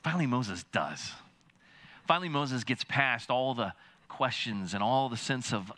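A pastor delivers a sermon in an animated, halting way, repeating many words. He acts out quoted voices with big jumps in pitch.

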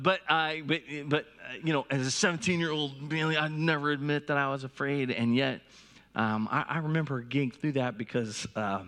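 A man's voice: medium pitch, fairly bright tone. A man in his forties, a pastor giving a sermon through a personal story, talking conversationally and often restarting his sentences.

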